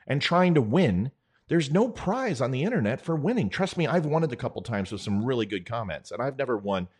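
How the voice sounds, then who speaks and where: A man's voice: medium pitch, a little mellow, breathy edge. Man, middle-aged, earnest, conversational, direct-address monologue. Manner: earnest, conversational, with quick impressions. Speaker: political commentator.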